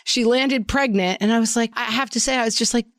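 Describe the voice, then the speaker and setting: A woman's voice: on the high side, fairly quick, fairly bright tone, no echo. Wry, chatty woman in her fifties. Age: 50s. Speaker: podcast co-host. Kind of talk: casual chat.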